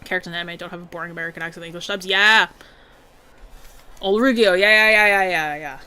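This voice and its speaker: A woman's voice: lowish voice, fast talker, bright, forceful tone, smooth. A young woman chatting casually while she draws requests, laid-back, giggly and swearing casually. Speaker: artist streamer drawing requests. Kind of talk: casual chat while drawing.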